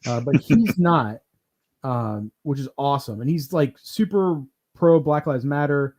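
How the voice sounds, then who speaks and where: A man hosting a podcast in casual chat, telling lively stories, acting out what others said, laughing and swearing as he goes. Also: medium pitch, measured pace. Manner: animated storyteller who acts out quotes, laughs and swears often. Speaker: podcast host.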